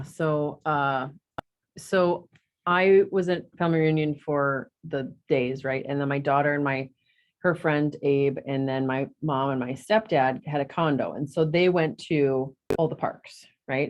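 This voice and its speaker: A middle-aged woman telling a story to her coaching group in casual chat, acting out the quotes with big leaps in her voice. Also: unhurried. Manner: animated, acts out quotes with big jumps in pitch. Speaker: real estate agent in coaching group.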